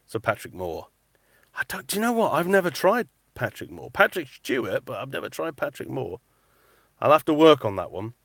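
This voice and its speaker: With a mid-range voice, a touch of vocal fry and a moderate pace, a man chats casually on a live stream while reading out comments. He records in a cupboard he uses as a booth, and the sound is dry and studio quality. A metal-detecting vlogger and voice artist, he's chatty, animated and repetitive.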